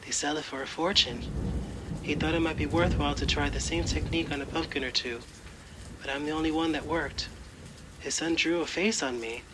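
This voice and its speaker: An actor playing a square talking pumpkin, speaking in a matter-of-fact way in an audio drama. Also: male voice, a little high, fairly even intonation, brisk, noisy background, lightly acted. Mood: wistful. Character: square talking pumpkin, male, gentle, resigned.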